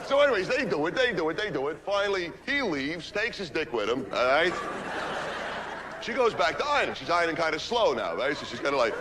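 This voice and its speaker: A man's voice: fairly high pitch, sing-song, a little fast, background noise. An actor playing a crude, stoned party guy who rambles through a dirty story, tagging lines with "man" and "right". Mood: rambling. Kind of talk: stage monologue.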